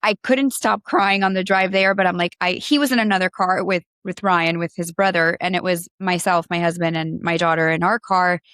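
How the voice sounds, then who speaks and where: A woman's voice: on the low side, fairly even intonation, normal speed, few pauses, fairly bright tone, clean tone, no room sound, clean studio sound. A woman co-hosting a podcast in casual chat, emotional and rambling, with many restarts and trailing thoughts. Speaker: podcast co-host.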